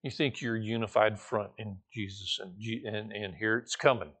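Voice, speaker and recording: A man preaching a conversational sermon as a pastor teaching a Bible study, informal and animated, with playful asides and light laughs. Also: fairly low pitch, normal speed.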